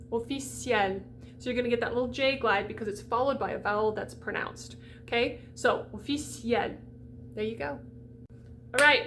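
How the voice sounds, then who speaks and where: A woman's voice: high-pitched, a bit bright, a little hiss or hum. Chatty, emphatic woman voice coach. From United States. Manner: chatty, emphatic, demonstrates sounds aloud. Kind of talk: pronunciation lesson for singers.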